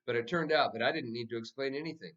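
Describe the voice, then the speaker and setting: A man reading a children's novel aloud as the narrator, with lively, expressive storytelling. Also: medium pitch, quick pace, lo-fi sound. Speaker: audiobook narrator. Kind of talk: scripted narration.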